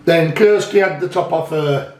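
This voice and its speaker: A man with a slightly high voice chats through his finds in a loose, rambling way, often correcting himself mid-sentence. The sound is echoey, as though he is in a bare room. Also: moderate pace, a little mellow. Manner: chatty, rambling, self-correcting. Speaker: magnet fishing channel host. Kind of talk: casual chat showing finds.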